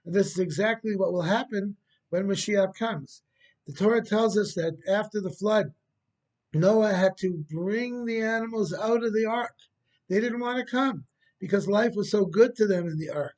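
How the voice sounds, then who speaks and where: A man, a rabbi, giving a storytelling sermon in a gentle, unhurried way with occasional fillers. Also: high-pitched.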